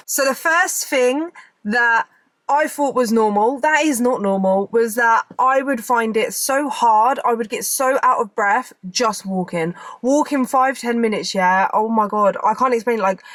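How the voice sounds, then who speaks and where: A woman's voice: on the high side, measured pace, a bit bright, no echo. A woman in her thirties from England, chatting casually to camera from inside her car, rambling with lots of fillers. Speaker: vlogger.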